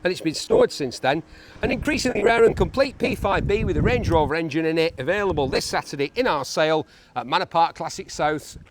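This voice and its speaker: A man's voice: a little high, expressive, a little fast, slight background noise. A man presenting cars for an auction in a chatty commentary style, full of jokey asides to himself. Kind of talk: chatty car walkaround commentary. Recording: echoey large hall.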